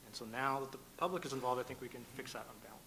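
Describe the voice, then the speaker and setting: A man speaks on a conference panel, his voice bright and forward. He talks in halting runs, full of fillers and restarts. Faint room noise sits behind him. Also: medium pitch, rough recording. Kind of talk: panel discussion.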